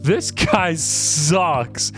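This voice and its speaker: A man's voice: fairly high pitch, huge pitch swings, very slow, a bit bright, faint music behind. A man giving casual, joking commentary while playing a video game. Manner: joking, chatty, laughs a lot. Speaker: let's play gamer.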